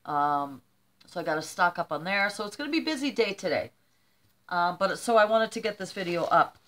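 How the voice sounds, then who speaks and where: An older woman chatting casually to camera as a vlogger, rambling warmly through shout-outs and tearing up as she talks. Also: fairly low pitch, expressive, a little fast. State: teary.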